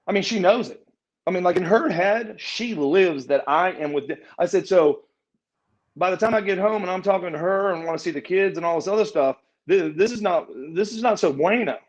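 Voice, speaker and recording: A middle-aged ex-pro wrestler, interviewed as a guest, spins a rambling story in a voice that sits high and moves a little fast. He repeats and restarts words and voices the dialogue of the people involved. The recording is lo-fi and muffled, typical of a casual shoot interview.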